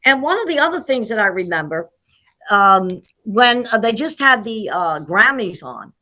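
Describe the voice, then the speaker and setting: Jersey-accented woman, bright and chatty. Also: medium pitch, normal speed. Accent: New Jersey and New York City. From New Jersey, USA. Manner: chatty, animated storytelling with many "okay?" asides. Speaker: guest. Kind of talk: casual interview chat.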